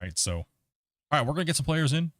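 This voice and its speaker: A man's voice: a little high, sing-song, fast, a bit bright, no echo, studio quality. A man hosting a gaming livestream, rambling casually and chuckling as he talks to his chat.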